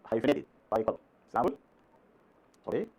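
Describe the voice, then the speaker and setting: A man's voice: medium pitch, very animated, moderate pace, creaky, a little mellow. A man from Sudan, a native Arabic speaker, teaching an English lesson, repeating words with strong stress and often asking "right?". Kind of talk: recorded classroom lesson.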